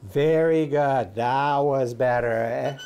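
Slow-spoken woman coaching violin. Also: rumbling low, lo-fi sound, over music. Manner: encouraging, short coaching phrases; hums and sings phrases to demonstrate. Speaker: violin teacher. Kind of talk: masterclass coaching. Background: violin playing.

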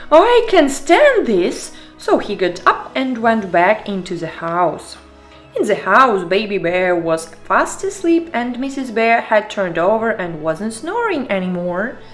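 A woman with a Russian accent, a channel host reading a children's picture book aloud with expressive storytelling. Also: mid-range voice. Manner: slow, expressive storytelling with sound effects.

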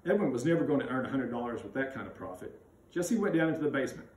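A man reading a children's chapter book aloud with expressive, animated narration. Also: medium pitch, racing. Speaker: school read-aloud reader. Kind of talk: storybook read-aloud. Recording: roomy sound, mic at a distance.

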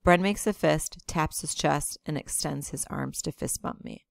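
Low, gravelly woman teacher reading aloud. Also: measured pace, no room sound, clean studio sound. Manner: steady, plain narration. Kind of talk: reading a novel aloud to a class.

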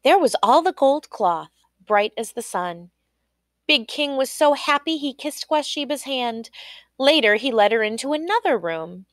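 A woman reading a children's folk tale aloud in an expressive storytelling voice. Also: high voice, unhurried, no room sound, clean studio sound. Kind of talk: storybook read-aloud narration.

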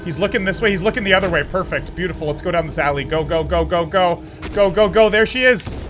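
Excitable high-voiced gaming commentator. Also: male voice, quick pace, slight background noise. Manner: excitable, joking, talks to the screen. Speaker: gaming channel host. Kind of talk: let's play commentary.

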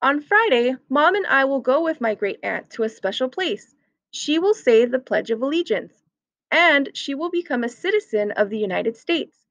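High-voiced teacher reading a picture book. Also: female voice, sing-song, moderate pace, a bit bright, no room sound, muffled recording. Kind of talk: children's picture-book read-aloud.

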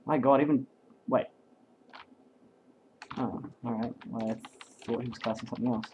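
A man casting a game live, excitable and rambling, swearing constantly. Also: mid-range voice, normal speed, a little hiss or hum, poor audio. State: hyped up and sleep-deprived. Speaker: game caster.

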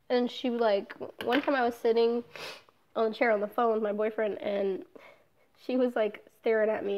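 A woman's voice: fairly high pitch, level tone, normal speed, long pauses, slight background noise. Candid young woman vlogging, lo-fi sound. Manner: candid, swears often, trails off with fillers. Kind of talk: casual personal vlog.

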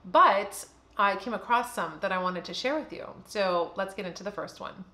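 A woman's voice: mid-range voice, moderate pace, pushed and bright, reverberant. A woman in her fifties talking candidly and casually to camera as a beauty vlogger, chatty and full of fillers.

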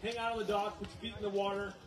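A man, a pastor, giving quick joking announcements to his congregation outdoors. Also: high voice, little pitch movement. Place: outdoor church service. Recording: far-off roomy mic with loud crowd.

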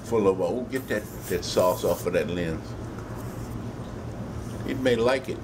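A man's voice: deep voice, a little slow, noisy background. A man with a Louisiana Cajun accent hosting a home cooking video, folksy and joking, swearing freely as he works. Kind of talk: casual cooking demonstration.

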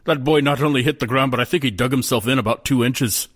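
A man telling a folk tale in a folksy, animated way. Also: mid-range voice, quick pace, slightly rough. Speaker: storyteller.

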